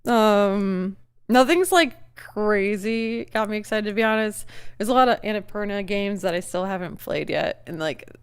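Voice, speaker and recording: A woman's voice: medium pitch, moderate pace, clean tone. A woman streamer chatting casually during a live reaction, giggling often and rambling with many fillers and restarts.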